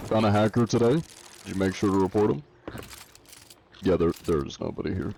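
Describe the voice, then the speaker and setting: A man chats casually through a live gaming stream, reading out viewer comments and tossing back joking answers with the odd chuckle. His voice sits somewhat low and sounds warm and mellow, picked up on a desk mic with a faint hiss of noise underneath. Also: brisk, vocal fry, long pauses. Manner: reads viewer comments aloud and answers them offhandedly. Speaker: live streamer playing a pirate game.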